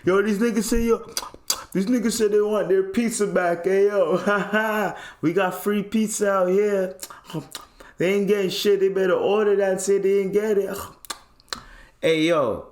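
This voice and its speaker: Rowdy loud young dude gloating over free pizza, voice pushed way up high, as a podcaster puts him on. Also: male voice, measured pace, echoey room. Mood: taunting. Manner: loud, higher and taunting.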